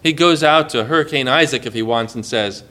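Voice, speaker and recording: A man's voice: mid-range voice, fairly quick. A man preaching a sermon in a conversational way, acting out quoted lines and adding light asides. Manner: expressive, acts out quoted lines with shifts in volume and pace.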